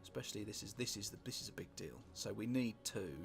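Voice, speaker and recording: A British man talks through a strategy game in a relaxed, rambling way, musing aloud and dropping wry, sweary asides. His voice is low and gravelly. Music plays clearly beneath him throughout. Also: quick pace. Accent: British English. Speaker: gameplay commentator. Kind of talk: casual let's-play commentary. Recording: music playing underneath.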